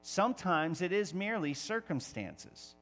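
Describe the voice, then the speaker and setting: Lively preaching man, higher voice. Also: unhurried, faint music behind. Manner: lively, rising to near-shouts when acting out pleas. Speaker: pastor. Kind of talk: sermon. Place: church.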